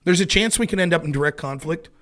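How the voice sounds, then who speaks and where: A man's voice: fairly high pitch, fast, a bit bright. A man hosting a casual political commentary livestream, sarcastic and exasperated, mocking his opponents in put-on voices and swearing freely.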